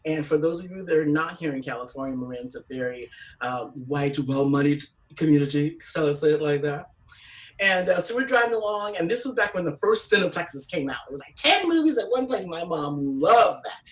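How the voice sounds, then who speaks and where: A woman comedian doing an animated stand-up storytelling set, salty and quick to act out other people's voices. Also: low voice, far from the mic, rough recording. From San Francisco Bay Area.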